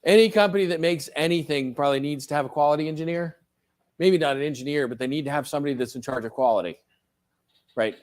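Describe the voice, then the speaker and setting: A man's voice: a little high, darkish tone. A middle-aged man, a professor, giving a casual classroom lecture, asking the class questions and joking along the way.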